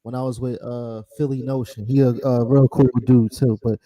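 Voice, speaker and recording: A man's voice: mid-range voice, little pitch movement, normal speed, dark tone, no room sound. Laid-back male host, rambling sports chat, dry close sound. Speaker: podcast host.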